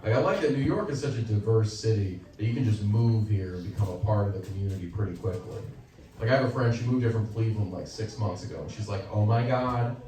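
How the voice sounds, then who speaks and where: A young man doing a stand-up comedy set on stage, animated and slipping into quoted voices for his punchlines, with the audience laughing. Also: lowish voice, fast talker. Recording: loud audience laughter, echoey club heard from far.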